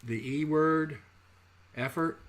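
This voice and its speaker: A man's voice: a little high, takes it slowly, fairly bright tone. A man teaching trading in a casual live webinar, chatty and jokey, often correcting himself mid-word. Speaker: trading educator.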